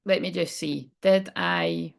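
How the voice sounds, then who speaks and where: A woman's voice: on the low side, fairly even intonation, slow, gravelly. A woman giving a live spiritual card reading, chatty and chipper as she talks straight to her viewers.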